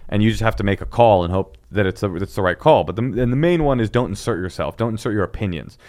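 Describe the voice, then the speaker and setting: Animated low-voiced man telling stories. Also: fast talker. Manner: animated storytelling, acts out voices. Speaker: former sign language interpreter. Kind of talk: casual podcast chat.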